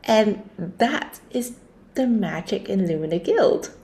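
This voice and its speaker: A woman speaking in a gentle, encouraging way during a reflective conversation. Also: medium pitch, expressive, slow pace.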